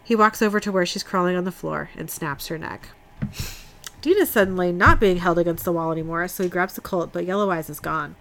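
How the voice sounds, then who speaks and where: A woman's voice: on the low side, fairly quick, a bit bright. Woman casually recapping TV scenes. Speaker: podcast host recapping an episode. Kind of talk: casual recap reading dialogue from notes.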